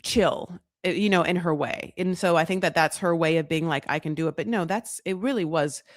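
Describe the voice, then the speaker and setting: A woman's voice: on the low side, brisk, no room sound, studio quality. A woman co-hosting a casual recap podcast, rambling and chatty with lots of fillers. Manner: chatty, lots of fillers, quotes people in put-on voices. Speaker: podcast co-host. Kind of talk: casual reality TV recap chat.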